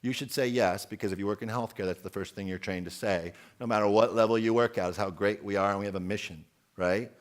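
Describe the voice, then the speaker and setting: A man in his forties delivers an outspoken, emphatic keynote at a conference, quizzing the audience as he goes. His voice is lowish and steady, and he talks fast.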